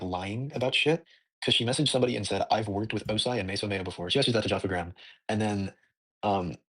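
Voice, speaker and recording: A man's voice: fairly low pitch, a bit bright, slightly rough. A young man casually retelling a dispute in a rambling way, full of "like" and nervous laughs. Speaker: voice recording clip.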